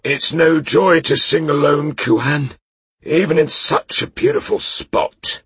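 A man's voice: on the high side, takes it slowly, a bit bright, husky, dry recording, pitched above the performer's own voice, exaggerated voice. A man voicing a drunken, disgraced knight who talks with a wistful slur. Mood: tipsy. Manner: slurred, wistful. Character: drunken disgraced middle-aged knight, maudlin, slurring.

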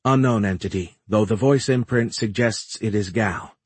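A man's voice: lowish voice, normal speed, slightly rough, no echo. Man doing a bland obedient ship AI. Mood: flat. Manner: flat, clipped, dutiful.

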